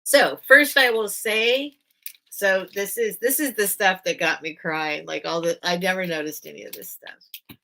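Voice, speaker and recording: Slow, gravelly-voiced woman live-stream host. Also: fairly low pitch, bright, forceful tone. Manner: emotional, choking up while reading; slow, halting, with many restarts. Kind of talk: casual live-stream chat and reading aloud.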